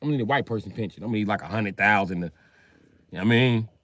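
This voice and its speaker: A male comedian doing a crude, brash stand-up bit, loudly acting out characters and exchanges. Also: lowish voice, very fast, no room sound.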